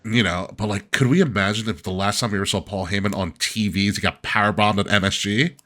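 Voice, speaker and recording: A man's voice: fairly low pitch, fast, pushed and bright. A man hosting a podcast in casual chat, laughing often and joking loosely. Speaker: podcast host.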